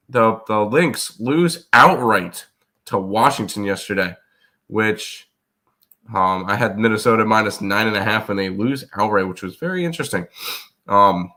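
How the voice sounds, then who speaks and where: Man, congested, live betting stream host, low voice, forceful and bright, rambling with lots of fillers. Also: unhurried. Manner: rambling, filler-heavy recap. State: congested, rough throat. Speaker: sports betting show host. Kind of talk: casual live-stream chat.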